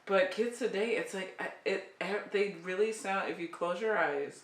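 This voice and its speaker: A woman in her forties co-hosting a casual podcast chat, animated and often laughing. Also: medium pitch, normal speed, far from the mic. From California. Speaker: podcast co-host, parent. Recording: echoey room, off-mic.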